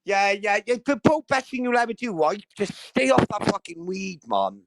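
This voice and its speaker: A man's voice: high-pitched, big pitch swings, normal speed, gravelly, heavy background noise. Foul-mouthed, mocking male livestreamer. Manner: crude, swearing, mocking banter with loud outbursts. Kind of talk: casual livestream chat. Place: at home with dogs nearby.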